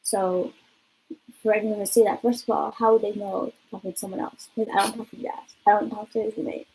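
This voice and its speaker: Young female vlogger, husky voice, mid pitch; chatty, swears a lot, loose storytelling. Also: little pitch movement, brisk, warm tone, rough recording. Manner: rambling, profane, lots of 'like'. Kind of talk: casual storytime vlog.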